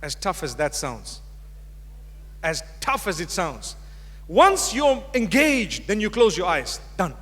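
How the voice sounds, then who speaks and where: A man with a high voice gives a religious lecture to a hall audience. He talks to the crowd directly and mixes humor into his advice. A long reverb from the lecture hall hangs on every phrase. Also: very animated, slow, fairly bright tone. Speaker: Islamic preacher.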